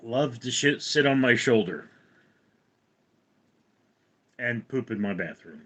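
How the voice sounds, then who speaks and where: A man's voice: medium pitch, animated, moderate pace, a bit bright, poor audio. A man hosting a casual livestream, rambling and answering viewers' chat questions. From California. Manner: rambling, reads chat aloud. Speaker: livestream host.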